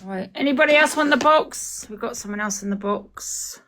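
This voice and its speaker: A woman hosts a live stream, chatting distractedly to her viewers. She sounds fairly high, away from the mic, with clear noise in the background. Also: normal speed, bright, forceful tone. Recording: noisy, distant sound.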